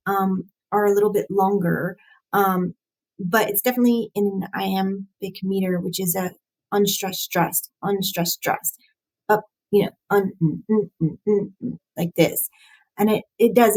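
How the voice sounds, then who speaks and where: A woman of middle pitch talks through a casual live-stream, thinking aloud as she goes. She hesitates often, restarts her sentences and laughs lightly at herself. Her tone stays chatty and relaxed. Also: rough recording. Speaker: host analysing song lyrics.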